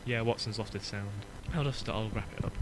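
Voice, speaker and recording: A man's voice: lowish voice, noisy background. A young man with a Northern English accent, hosting a podcast in a rambling, joking chat. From Northern England. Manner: joking, rambling, quick to mock. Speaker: podcast host. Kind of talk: casual chat.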